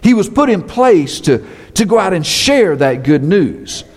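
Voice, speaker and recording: Animated, high-voiced preacher man. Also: a little slow, big-room sound. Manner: expressive preaching with emphatic repetition. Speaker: pastor. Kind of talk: sermon.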